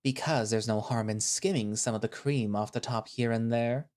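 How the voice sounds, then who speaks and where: A man playing a cold, scornful male settlement leader who speaks slowly and condescendingly, with cutting remarks. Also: mid-range voice, steady tone, a little mellow, lightly acted. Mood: contemptuous.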